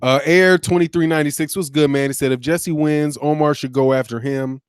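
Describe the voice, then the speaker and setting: A man's voice: fairly high pitch, fairly even intonation, a little fast, clear, resonant tone, no room sound, clean studio sound. A man hosting a casual boxing talk stream, rambling conversationally, restarting sentences and reading out viewer comments. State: sleepy, yawning. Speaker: boxing channel host.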